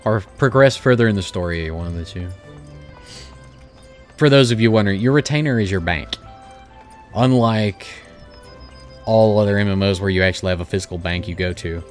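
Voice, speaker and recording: A man giving casual let's-play commentary on an online game, with sarcastic, joking asides. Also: on the low side. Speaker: gaming video creator.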